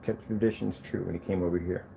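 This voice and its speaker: A man testing and showing off his own projector screens, talking casually to the camera and to himself, proud and quick to defend his product. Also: low-pitched, vocal fry, a little hiss or hum. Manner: animated, talks to himself as he browses.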